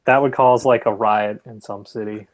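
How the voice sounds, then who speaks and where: A man in a casual online voice chat, speaking at a medium pitch through a headset. His tone is easygoing as he recounts clips he has watched. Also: steady tone, moderate pace, poor audio.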